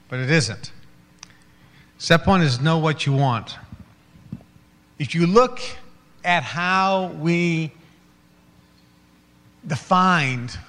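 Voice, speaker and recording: A man's voice: fairly high pitch, a bit bright, long reverb tail. A man giving a motivational seminar talk, acting out little scenes in quoted voices and laughing along with them. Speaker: motivational speaker.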